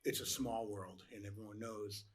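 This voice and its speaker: A man's voice: fairly low pitch, steady tone, normal speed. Wry, easygoing male talk-show host. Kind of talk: casual interview chat.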